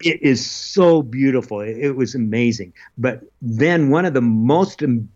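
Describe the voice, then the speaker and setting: A man telling the story of his expedition in an interview, earnest and halting, with many restarts. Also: mid-range voice, a little mellow, highs cut off. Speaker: interview guest, polar adventurer. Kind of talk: casual recounting of an expedition.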